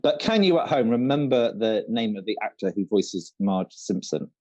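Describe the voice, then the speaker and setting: A man's voice: lowish voice, expressive, normal speed, dark tone, dull audio. A man co-hosting an online quiz, reading each question twice and chatting between them. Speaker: quiz co-host.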